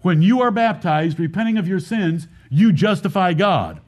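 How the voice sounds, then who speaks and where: Emphatic preacher man, fairly high voice. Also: big pitch swings, normal speed, darkish tone, highs cut off. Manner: emphatic preaching with repetition and rhetorical questions. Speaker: pastor. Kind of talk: sermon.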